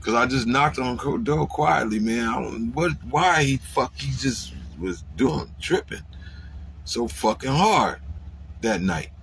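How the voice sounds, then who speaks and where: This is an animated man swearing his way through a casual personal story, with a voice of ordinary middle pitch. He keeps tacking "man" onto his phrases. He jumps up louder and higher when he acts out his own lines. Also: measured pace, gravelly, slight background noise. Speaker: vlogger telling a story.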